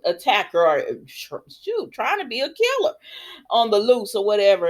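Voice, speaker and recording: A woman casually retelling a soap opera episode in a rambling, chatty way, quoting the characters' lines. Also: fairly high pitch. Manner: chatty, rambling, with many fillers and quoted dialogue. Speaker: soap opera recap host. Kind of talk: casual spoken recap.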